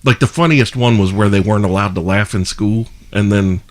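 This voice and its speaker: A man's voice: fairly low pitch, fairly quick. A man co-hosting a podcast in casual chat, joking around and slipping into impressions. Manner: lively, jokey, slips into impressions. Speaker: podcast co-host.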